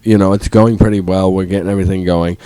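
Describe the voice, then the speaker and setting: A young man co-hosting a podcast, a bit tipsy, telling rambling profane stories with sudden loud bursts. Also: deep voice, flat delivery, fast, clean tone, no echo. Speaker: podcast co-host. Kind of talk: casual chat.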